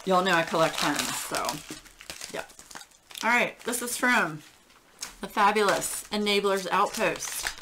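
A woman hosting a casual craft unboxing, gushing and getting emotional with breathy exclamations. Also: mid-range voice, noisy background. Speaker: craft channel host.

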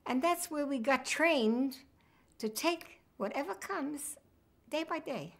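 A woman's voice: high voice, expressive, slow, vocal fry. A woman, reminiscing in an oral history interview with a wry sense of humor. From United States.

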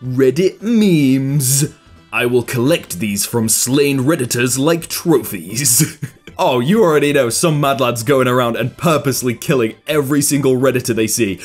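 A man's voice: medium pitch, normal speed, faint music behind. A man hosting a comedy channel, reading out funny posts and reacting with frequent laughter in a casual commentary style. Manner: laughs often, lively voice. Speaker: YouTube host reading Reddit posts.

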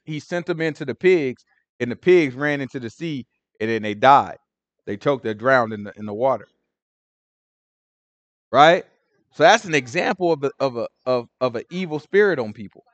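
A man leading a casual Bible study, animated and conversational, full of asides. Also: fairly high pitch, moderate pace, no echo, lo-fi sound.

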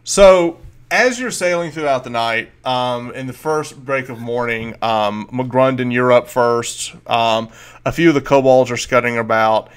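A man talks through a tabletop scene as game master. He is easygoing and halting, full of ums and restarts. His voice sits mid-range. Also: medium pitch, clean tone. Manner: casual, halting, many fillers.

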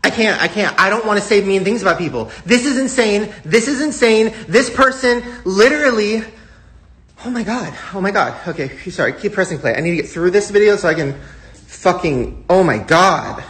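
Male livestreamer, exasperated and profane, lively pitch. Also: a little fast. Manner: exasperated, swearing, repeating exclamations. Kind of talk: live reaction stream.

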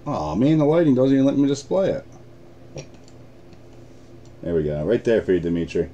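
A man's voice: medium pitch, big pitch swings, moderate pace, warm tone, lo-fi sound, a little hiss or hum. A man with an American accent hosting a live card break, chatting casually, swearing and laughing often.

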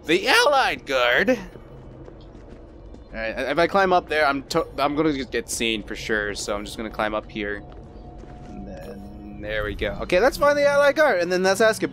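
A playful man chatting through a game session with a lively, swooping delivery that keeps jumping up and down. He jokes and swears and drops into silly put-on voices. Soft game music sits behind him. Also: normal speed. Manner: playful, goofy and profane, breaks into silly high put-on voices. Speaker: video game let's player. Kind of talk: casual gameplay commentary.

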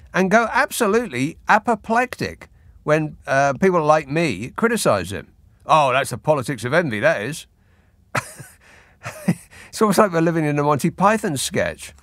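Male talk-radio host, lively sardonic delivery, dry studio sound. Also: fairly high pitch, dry recording. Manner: wry, exasperated and sardonic. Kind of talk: late-night phone-in talk. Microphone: studio mic.

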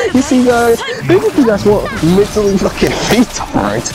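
Young man doing a sneering teacher who drags out his taunts, lively voice. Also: high-pitched, voice pushed up, heavily acted, low-quality recording. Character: mocking male schoolteacher scolding his class.

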